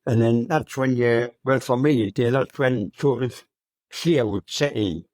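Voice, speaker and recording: A hundred-year-old man recounting his wartime memories as an interview guest, speaking in a halting, unhurried way with many fillers. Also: medium pitch, darkish tone, dry recording. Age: 100. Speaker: RAF veteran guest.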